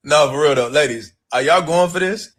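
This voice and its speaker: A man's voice: a little high, fairly bright tone. A man giving casual commentary in a played clip, joking and laughing at his own points.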